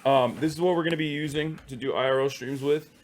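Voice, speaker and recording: A male streamer putting on a pompous posh upper-class English accent, talking in a mock-genteel way with lively swoops. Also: fairly high pitch, fast, lightly acted. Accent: posh English (put on). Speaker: live streamer. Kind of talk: mock-posh comedic monologue.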